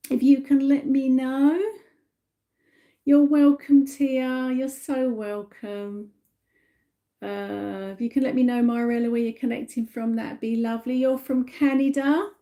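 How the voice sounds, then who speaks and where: A middle-aged woman giving a live psychic reading, talking slowly and emotionally as she relays messages. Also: sits high, flat delivery, warm tone. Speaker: psychic medium.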